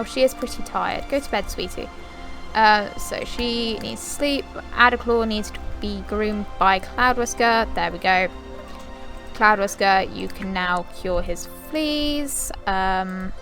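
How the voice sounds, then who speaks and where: A woman's voice: fairly high pitch, fairly bright tone. A young woman giving casual gameplay commentary. She is chatty, rambles with frequent fillers and restarts, and talks directly to the characters in her game. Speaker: gaming video creator.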